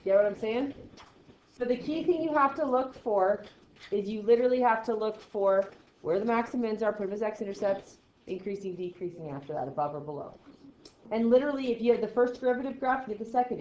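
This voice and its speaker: A woman's voice: medium pitch, mellow, lo-fi sound, slight background noise. Casual woman teaching a math class. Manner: asks quick questions and answers them herself; casual and encouraging. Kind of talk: classroom lecture.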